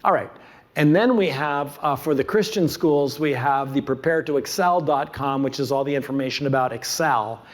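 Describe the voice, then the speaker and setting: A man's voice: mid-range voice, moderate pace. A man presenting a curriculum to an audience. He talks emphatically, repeats his key points and asks rhetorical questions. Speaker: conference speaker presenting a curriculum.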